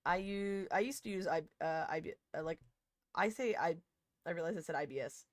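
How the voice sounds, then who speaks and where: A young woman streamer chatting casually with her chat, rambling and interrupting herself, now and then breaking into loud laughter. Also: on the low side, fairly quick, dry recording, studio quality.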